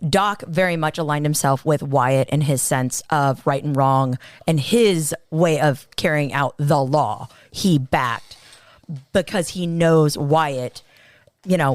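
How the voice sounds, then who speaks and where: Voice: medium pitch, unhurried, no room sound, clean studio sound. A podcast co-host gushing about a favorite film in casual chat. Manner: gushing, enthusiastic. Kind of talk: casual movie review chat.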